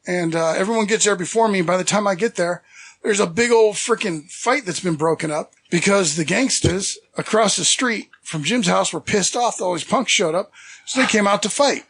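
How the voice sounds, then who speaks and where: A man's voice: sits high, a bit bright. A middle-aged man from the San Francisco Bay Area, a podcast guest telling rambling, self-deprecating stories in casual chat and acting out what people said. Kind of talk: casual storytelling.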